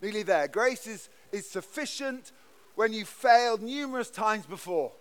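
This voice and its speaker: Speaking at normal speed with a high-pitched, expressive voice, a man delivers a church sermon as a pastor. He preaches earnestly and emphatically, frequently stumbling and restarting.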